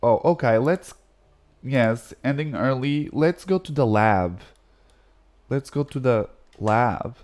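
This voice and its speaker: This is a man doing relaxed let's-play commentary at an unhurried pace and a medium pitch. He is animated, exclaims at the game and reads its text aloud. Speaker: gaming video creator.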